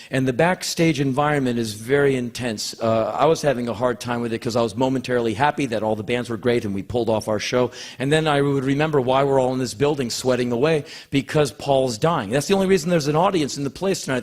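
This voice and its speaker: A man telling a long personal story on stage, acting out the voices of the people in it and often stumbling over his words. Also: mid-range voice. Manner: animated, acts out quoted voices; rambling, repeats words when emotional. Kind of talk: spoken word storytelling.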